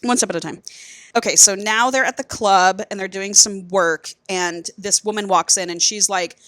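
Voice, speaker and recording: A woman's voice: mid-range voice, moderate pace, a bit bright, no room sound. A woman co-hosting a podcast, retelling a book plot in casual chat and acting out the characters' lines. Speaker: podcast co-host.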